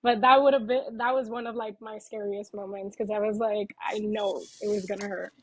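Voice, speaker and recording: A woman's voice: medium pitch, flat delivery, normal speed, poor audio. A woman who works as a waxer, telling a client story in casual chat with many fillers. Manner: loose, filler-heavy storytelling.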